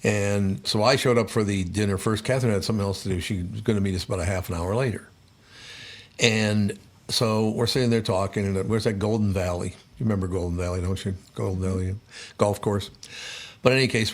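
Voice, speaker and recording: Low-voiced man telling chatty stories. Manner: chatty, rambling storyteller who laughs at his own anecdotes. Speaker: host. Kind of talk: casual chat.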